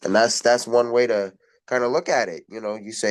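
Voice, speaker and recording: A man's voice: medium pitch, steady tone, a little fast, far from the mic. A man hosting a podcast, giving rambling, motivational sports commentary with lots of repetition and fillers. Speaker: podcast host.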